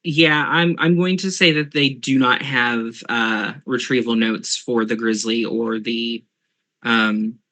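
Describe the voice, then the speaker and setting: A man's voice: mid-range voice, fairly even intonation, slow, bright, forceful tone. A man narrating as game master of an online tabletop game, hesitant with many fillers.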